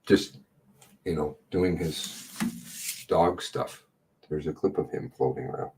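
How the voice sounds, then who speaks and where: A middle-aged man giving casual, sarcastic running commentary on a livestream, blunt and quick to swear. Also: very deep voice, darkish tone, a little hiss or hum.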